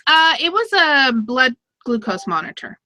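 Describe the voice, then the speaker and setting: A woman's voice: high voice, very animated, measured pace, pushed and bright, no echo. A woman hosting a casual online chat show, talkative and laughing often. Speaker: podcast host.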